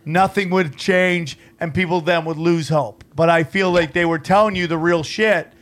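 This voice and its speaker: A man's voice: fairly high pitch, fairly even intonation, normal speed, fairly bright tone. A man hosting a casual podcast chat who speaks in a blunt, profane way. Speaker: podcast host.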